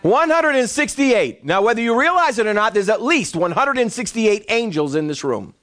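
A pastor preaches to his congregation in a high, lively voice. His pitch swings widely while he acts out the people in his stories. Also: normal speed. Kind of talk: sermon. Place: church before a congregation.

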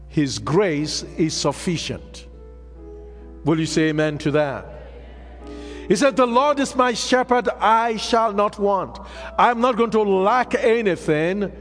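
A man preaching a sermon, calling on the congregation to repeat after him and drawing out his emphatic phrases. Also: high-pitched. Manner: call-and-response preaching, drawn-out emphatic phrases. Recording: music under voice, long hall reverb.

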